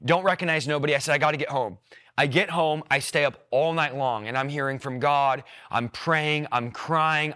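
A man in his thirties tells his personal testimony from the pulpit, acting out the words he once said in lively retellings. His voice sits fairly high and comes across bright and forceful. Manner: animated storyteller who acts out his own quoted words. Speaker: preacher sharing his testimony.

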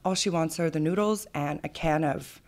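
Ernste Frau mit tiefer Stimme, kanadischer Akzent. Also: female voice, sits low, moderate pace. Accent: Canadian. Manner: earnest, animated storyteller with fillers. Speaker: charity founder, interview guest. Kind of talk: emotional podcast storytelling.

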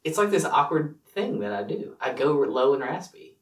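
A young man co-hosts a casual podcast chat with a lively, swinging pitch. He is self-conscious, laughs often and stumbles through fillers. His voice sits back from the mic in a roomy, echoing space. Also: normal speed. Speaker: podcast co-host. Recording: roomy sound from a distant mic.

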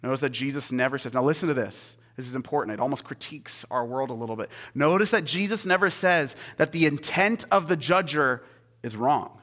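A young adult man giving a casual, conversational sermon as a pastor, swinging between hushed asides and excited storytelling. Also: medium pitch, fairly quick.

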